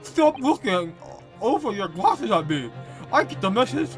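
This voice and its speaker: A man's voice: sits high, very animated, a little slow, voice pushed up. A man voicing a brash young male Cockney witness in a game read-along. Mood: defensive. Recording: game music playing behind.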